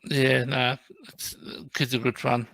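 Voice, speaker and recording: Aussie guy with a real gravelly voice, dry close sound, chimes in with quick agreeing bits. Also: medium pitch, flat delivery, sharp tone, dry recording. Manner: short agreeing replies. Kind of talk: casual chat.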